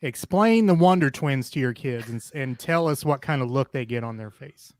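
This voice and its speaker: A man's voice: mid-range voice, animated, moderate pace, a little mellow, no room sound, clean studio sound. A man co-hosting a casual comedy podcast, talking with lots of hesitant fillers and laughing often. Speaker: podcast co-host. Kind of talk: casual chat.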